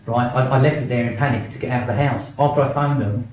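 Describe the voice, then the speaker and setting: A man's voice: medium pitch, fast talker, a little hiss or hum. A middle-aged man giving a blunt first-person account in an interview, swearing often and stumbling over restarts. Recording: very echoey, dull-sounding room recording.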